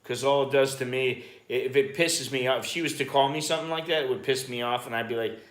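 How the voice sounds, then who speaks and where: This American vlogger talks at a quick clip with few pauses, his voice medium in pitch, as he chats and rambles on a live stream. He curses casually, and his Bangkok home lends the recording a roomy echo.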